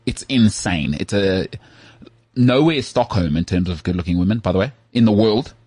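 A man co-hosting a podcast, telling stories in an animated, emphatic way during casual chat. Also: lowish voice, moderate pace, breathy edge, no echo. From South Africa. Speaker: podcast co-host.

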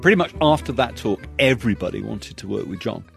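A man's voice: fairly low pitch, lively intonation, fast talker, creaky, fairly bright tone, soft background music. A male scientist being interviewed, talking with wry, dry humor. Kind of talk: conversational interview.

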